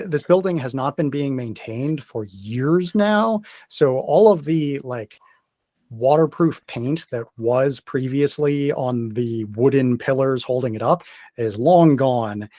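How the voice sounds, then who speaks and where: A man runs a tabletop game as its game master, feeling his way through each scene with frequent pauses and restarts. His voice sits at a middling pitch. The sound is close and dry, with no room around it. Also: warm tone, no echo. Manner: hesitant, many fillers and restarts.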